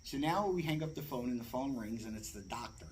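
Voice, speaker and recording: A man's voice: mid-range voice, fairly quick, a little hiss or hum, rough recording. A man casually telling an anecdote as a podcast guest, acting out other people's voices. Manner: animated, acts out the voices of others.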